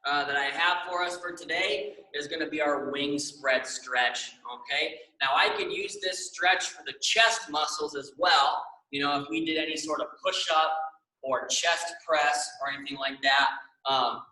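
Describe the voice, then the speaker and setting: A man's voice: fairly high pitch, measured pace, pushed and bright, echoey room, distant mic, rough recording. A young man leading a stretching class, upbeat and encouraging, often checking in with the class. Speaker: exercise class instructor.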